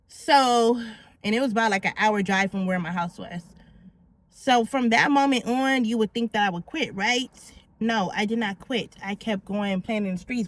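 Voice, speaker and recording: A woman's voice: medium pitch, no echo. Middle-aged woman vlogger, blunt and slangy, candid confessional storytelling with a dry close sound.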